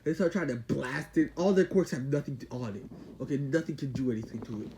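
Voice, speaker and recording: A man's voice: mid-range voice, a little fast, darkish tone, rough recording. Man, casual story retelling, rambling with sound effects, faint background noise. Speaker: channel host.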